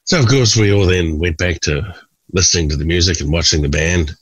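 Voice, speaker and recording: A man's voice: sits low, a little fast, slightly rough, dry recording, highs cut off. A man in his forties, a podcast guest telling funny anecdotes and acting out the people in them. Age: 40s. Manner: animated storyteller who mimics people in raised voices. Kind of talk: storytelling anecdotes.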